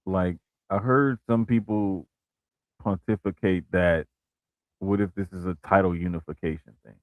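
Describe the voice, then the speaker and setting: A man co-hosting a wrestling podcast talks in an easygoing, casual way, leaning on fillers and restarting his sentences. His voice is fairly low. The recording is dry and close. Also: moderate pace, no echo, phone-quality sound. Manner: relaxed, repeats "bruh" and "like", restarts. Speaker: podcast co-host.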